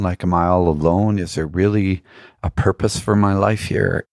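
A man's voice: sits low, fairly even intonation, moderate pace, creaky, a little mellow, no room sound, studio quality. A man who is a podcast guest tells reflective spiritual stories. He speaks earnestly, often poses rhetorical questions and laughs now and then.

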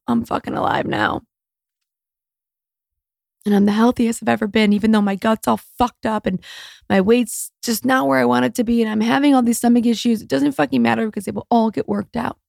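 A woman's voice: a little high, steady tone, fairly quick, gravelly, a little mellow, no echo, clean studio sound. A woman in her thirties hosting a solo podcast, speaking in a raw, candid, emotional way and swearing freely. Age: 30s. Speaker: podcast host.

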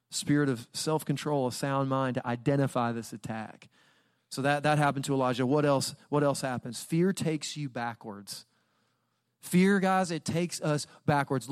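A young man preaching in church, chatty and personal, with a voice in the middle range for a man. He tells his stories casually, then rises into loud, dramatic outbursts. The sound is close and dry, with almost no room echo. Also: mid-range voice, clean tone. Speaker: guest pastor. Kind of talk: sermon. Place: church auditorium.

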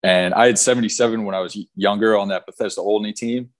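A man's voice: lowish voice, fast. A young man in his twenties, a pro soccer player, telling his story in a casual interview with lots of fillers. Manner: relaxed storytelling with fillers and repeats.

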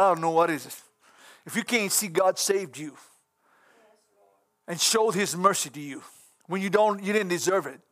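Fervent high-voiced man preaching. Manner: fervent, rising to shouts, folksy grammar. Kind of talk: sermon.

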